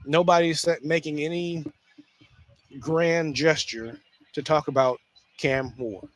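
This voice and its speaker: A man with a slightly higher voice hosts a casual football talk show. He talks in an animated way, restarts sentences and repeats himself as he works through a point. The recording sounds dry and close, with no room around it. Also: slow, dry recording. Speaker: sports talk host. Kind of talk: casual solo sports commentary.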